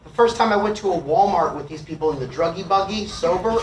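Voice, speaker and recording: A middle-aged man tells a confessional story to a live audience, cursing freely and swinging between loud outbursts and hushed asides. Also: sits high, quick pace, background noise. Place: live music venue. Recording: echoey live room, from far off.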